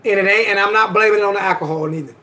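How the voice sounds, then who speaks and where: A man's voice: high voice, very fast, pushed and bright. A man hosting a casual livestream chat, talking emphatically in slangy speech and repeating his points. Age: adult with children. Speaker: livestream host.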